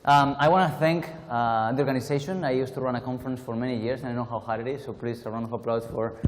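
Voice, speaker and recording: A man's voice: medium pitch, fairly even intonation, fast, big-room sound. A man from Spain with a Spanish accent, giving a chatty, self-deprecating keynote talk at a conference with many restarts. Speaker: conference speaker. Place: conference hall.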